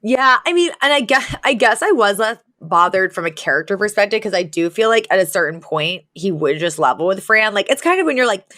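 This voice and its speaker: A woman's voice: medium pitch, animated, brisk, few pauses, pushed and bright, no echo, studio quality. A woman co-hosting a podcast, chatting casually about a sitcom episode, with many "like" fillers and frequent laughter. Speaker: podcast co-host. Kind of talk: casual chat recapping a sitcom.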